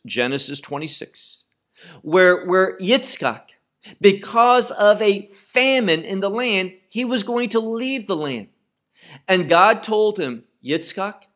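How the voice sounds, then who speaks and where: A man teaching a Bible study lecture, speaking deliberately and repeating phrases for emphasis. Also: sits high, fairly bright tone.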